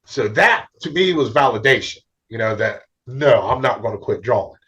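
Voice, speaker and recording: A man's voice: medium pitch, normal speed, dull audio. A middle-aged man, a comic book artist, telling stories in a casual interview and acting out what others said. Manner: animated, acts out other people's lines.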